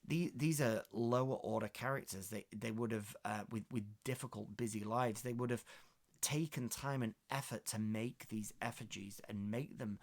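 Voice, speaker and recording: Gravelly man explaining a novel. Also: on the low side, moderate pace. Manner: thoughtful, hesitant, many fillers. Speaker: literature video host. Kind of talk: reading a novel extract and explaining it.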